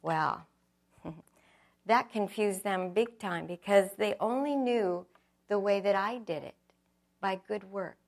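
A woman's voice: medium pitch, takes it slowly, creaky, long pauses. A middle-aged woman giving an earnest, reflective personal testimony, telling her story with acted quotes.

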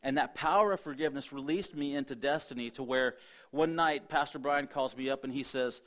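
A man's voice: mid-range voice, a little fast, a bit bright. A middle-aged man from Ohio preaching, telling a personal testimony with quoted dialogue and frequent restarts. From Ohio, USA. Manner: storytelling, quotes himself and others, many restarts. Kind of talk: sermon testimony.

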